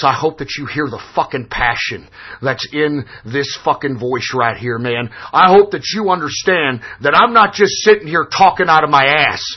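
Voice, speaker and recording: A man with a somewhat high, breathy-edged voice, heard in lo-fi sound, hosts an internet political radio show. His call-in show monologue is intense, emphatic and profane.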